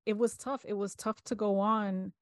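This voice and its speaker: Young mom type, earnest, acts out what people said, dry close mic. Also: female voice, medium pitch, fairly even intonation, normal speed, dry recording. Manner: earnest, retelling with quoted dialogue. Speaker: podcast co-host. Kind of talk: candid personal conversation.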